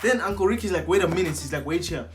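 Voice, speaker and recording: Excitable young man vlogging. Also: high-pitched, quick pace, faint music behind. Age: young adult. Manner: animated, slangy, acts out quotes. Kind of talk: excited storytime vlog.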